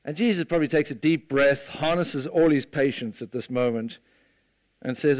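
A man preaching a sermon, retelling a scene with lively storytelling and acting out the voices of the people in it. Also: medium pitch, moderate pace, no echo. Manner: animated storytelling, acts out the disciples' voices.

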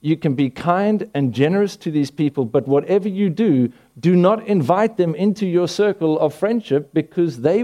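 A male pastor delivers a sermon in a relaxed, conversational way, often restarting phrases and asking his listeners rhetorical questions. His voice sits a little high for a man, with a mellow, warm tone. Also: normal speed. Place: church hall.

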